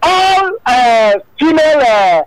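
A man's voice: very high-pitched, sing-song, takes it slowly, rough recording. A Nigerian man calling in to a radio show, explaining his point at length and often asking whether the host follows. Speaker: radio phone-in caller. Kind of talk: phone-in radio chat.

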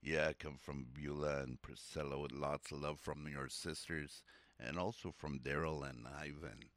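A male radio host reading out birthday dedications on air in a warm, playful, chatty way. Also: very deep voice, steady tone, moderate pace, no room sound.

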